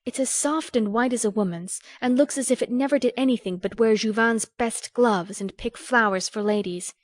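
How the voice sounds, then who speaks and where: A woman reading an audiobook, voicing an earnest, sharp-tongued young woman who lectures a friend in a crisp, scolding way. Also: on the high side, normal speed, no echo, studio quality, pitched above the performer's own voice, lightly acted. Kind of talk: audiobook character voice.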